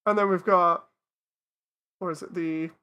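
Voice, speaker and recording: Bright-voiced woman chatting through a stream. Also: fairly low pitch, fairly even intonation, measured pace, smooth, dull audio. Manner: self-deprecating, talks herself through a task, laughs at her mistakes. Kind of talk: casual live-stream commentary.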